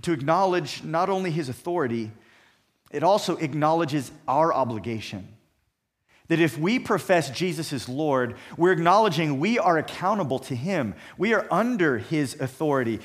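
A man's voice: a little high, animated. Emphatic man preaching a sermon. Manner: emphatic, measured preaching with repeated phrases. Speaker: pastor.

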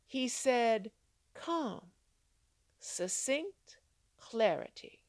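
A woman's voice: sing-song, slow, no echo. Woman doing a bible devotional, big swoopy voice, acts out the lines, asks lots of questions. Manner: dramatic storytelling with rhetorical questions; acts out quoted lines with big pitch jumps. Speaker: Christian devotional speaker.

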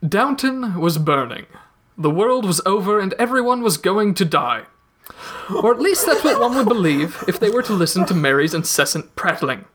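Brief: high-pitched man, theatrical story reader, playful, accents that drift around. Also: very animated, moderate pace, a bit bright. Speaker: podcast co-host reading his story. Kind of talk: reading a comic fan story aloud.

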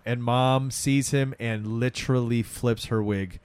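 A man's voice: mid-range voice, steady tone, measured pace, a little mellow, a little hiss or hum. A man co-hosting a casual film discussion, recapping scenes in a laid-back, slangy way. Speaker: podcast co-host.

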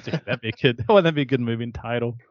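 A man's voice: mid-range voice, fast talker, dry recording, highs cut off. Laughing, joking podcast man. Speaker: podcast co-host. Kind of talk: casual chat.

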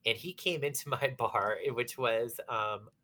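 A woman's voice: extremely low pitch, measured pace. A woman from Pittsburgh, a bar manager, telling stories casually in an interview with lots of fillers and acted-out quotes. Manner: animated, acts out quoted dialogue, many fillers.

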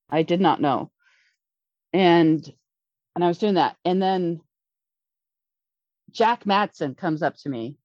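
Excitable middle-aged woman telling a rambling story. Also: fairly low pitch, dry recording. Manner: rambling, excitable, many restarts. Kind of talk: casual storytelling. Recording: dull lo-fi dry recording.

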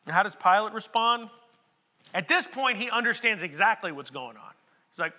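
Brief: male pastor, very high voice, conversational sermon rising to shouts, echoey hall recording. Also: expressive, normal speed. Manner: conversational, building to emphatic shouts. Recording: echoey hall with long reverb.

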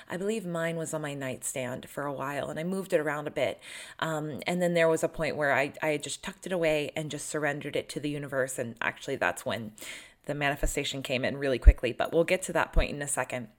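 A young woman coaching viewers on manifesting love, chatty and earnest with plenty of fillers. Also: low-pitched. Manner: chatty and earnest, with many fillers and little laughs. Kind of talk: casual talk to camera.

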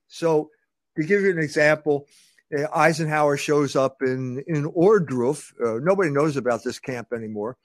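Man, interview guest, high pitch, argumentative, restarts and repeats words. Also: no echo. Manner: rhetorical questions, repeats words when starting sentences.

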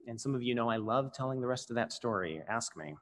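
A man's voice: mid-range voice, animated, fast talker. A man preaching a sermon as pastor, earnest and building to emphatic peaks. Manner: earnest, swelling with emphasis on key phrases. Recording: long reverb of a large hall.

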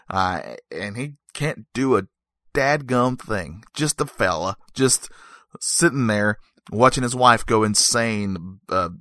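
A man's voice: lowish voice, fairly bright tone, no room sound. Joking rambling man, dry sound. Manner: joking, rambling, self-correcting asides. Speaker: movie reviewer. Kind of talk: casual comedic monologue.

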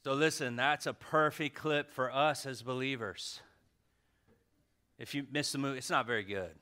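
A man in his thirties preaching a casual sermon, swinging from loud exhortation to hushed emphasis. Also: medium pitch, moderate pace.

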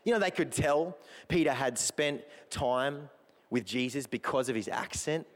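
A man's voice: medium pitch, lively intonation, a little slow. A man preaching a sermon to his church, earnest and building in intensity, with touches of self-deprecating humor. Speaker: pastor. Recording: long hall reverb.

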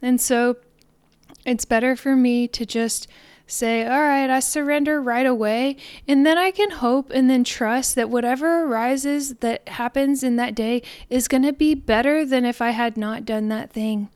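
A woman giving a reflective spiritual talk in a soft, earnest, meditative way, sometimes slowing and fading to near-whispers. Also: fairly high pitch, clean tone, no room sound. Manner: soft, slows down and trails off into near-whispers on repeated phrases. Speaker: spiritual podcaster.

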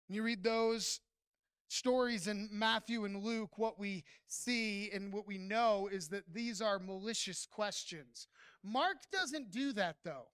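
Crisp, bright-voiced preacher. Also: dry recording, clean studio sound. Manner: emphatic preaching, swelling to near-shouts at high points; addresses congregation directly with frequent "right?". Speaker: pastor. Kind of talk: sermon.

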